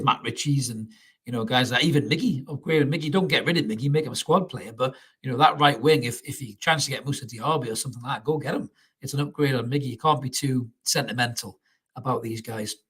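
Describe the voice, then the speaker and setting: Husky-voiced man reacting to a match. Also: medium pitch, fairly bright tone. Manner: casual, sweary, reads out viewer comments. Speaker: fan channel host. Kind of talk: live post-match reaction stream.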